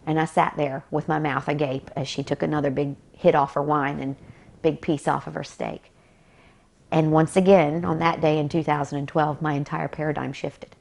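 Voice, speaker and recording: A woman's voice: low-pitched, flat delivery, moderate pace, creaky, darkish tone. An American woman telling a personal story in an interview, vividly quoting what each person said. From United States. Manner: recounts dialogue vividly, quoting both sides. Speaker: interview guest. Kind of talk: storytelling anecdote.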